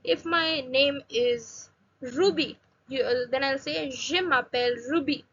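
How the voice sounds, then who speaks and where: A woman from India teaching basic phrases in a casual online lesson, repeating each phrase slowly and adding chatty asides. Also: high-pitched, a bit bright, muffled recording. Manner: slow careful phrase repetition with chatty asides. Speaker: language teacher.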